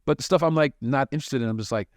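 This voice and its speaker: A male comedian from New York City telling his life story in a casual podcast chat, animated and profane, acting out the people he quotes. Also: mid-range voice, rapid-fire, no room sound, clean studio sound. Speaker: touring comedian, podcast co-host.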